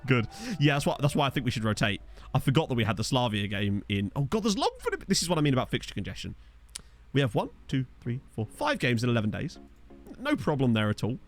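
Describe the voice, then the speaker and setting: His pitch swoops wildly as this young man from Essex talks fast in a mid-range voice over soft music. Streaming a football management game, he chats casually in his Essex accent, reads chat aloud and adds jokey asides.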